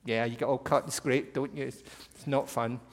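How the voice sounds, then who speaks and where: A man's voice: mid-range voice, steady tone, moderate pace. A man telling a story to children at a church service, speaking animatedly and addressing them directly. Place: church hall. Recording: long hall reverb.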